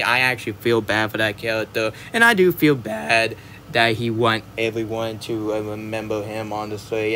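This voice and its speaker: A man's voice: medium pitch, fairly bright tone, a little hiss or hum. A man reviewing a movie in a casual spoken rant. He is rambling and emphatic and often restarts his sentences.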